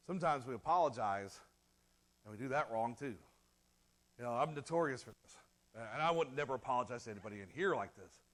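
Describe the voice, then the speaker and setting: A man preaching a sermon in a conversational way, acting out quick quoted voices and laughing at his own jokes. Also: mid-range voice, animated, a bit bright. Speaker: pastor.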